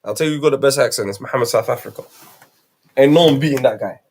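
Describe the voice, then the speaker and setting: A young British man in mid-range voice trades jokes on a casual stream. His delivery is quick-fire and teasing, full of street slang. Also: mid-range voice, a little mellow, slight background noise. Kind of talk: casual banter on a live stream.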